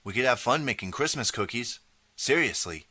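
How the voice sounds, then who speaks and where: A man's voice: medium pitch, expressive, moderate pace, sharp tone, no echo, pitched above the performer's own voice. A man voicing a desperate, eager boy who keeps pleading to be believed. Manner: pleading, earnest.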